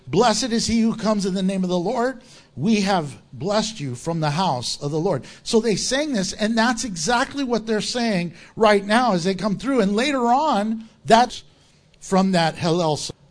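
High-voiced male pastor preaching. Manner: animated, reads scripture aloud and acts out crowd voices. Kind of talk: sermon.

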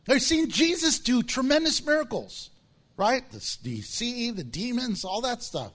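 A man preaching a sermon, animated and humorous, acting out little scenes in different voices and laughing often. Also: unhurried. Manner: animated, acts out voices with big pitch swings. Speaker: pastor.

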